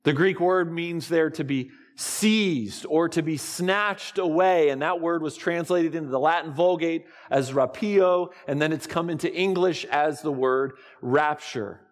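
Male pastor, sermon, unhurried delivery, slightly raised pitch, long hall reverb. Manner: slow, deliberate preaching with dramatic pauses.

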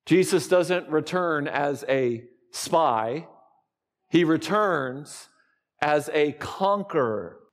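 A man preaching a sermon to his congregation, slow and deliberate, with dramatic pauses. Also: on the high side, expressive, big-room sound. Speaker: pastor.

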